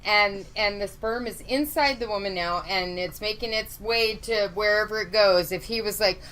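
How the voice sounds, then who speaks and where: A woman co-hosting a podcast, joking and firing off quick replies in casual chat. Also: mid-range voice, a bit bright, low-quality recording. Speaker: podcast co-host.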